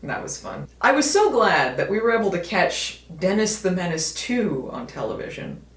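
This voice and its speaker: A woman's voice: on the low side, big pitch swings, moderate pace. An American woman casually and wryly chatting to camera in a vlog, with many fillers. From United States. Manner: chatty, wry, lots of fillers. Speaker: video host. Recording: echoey room.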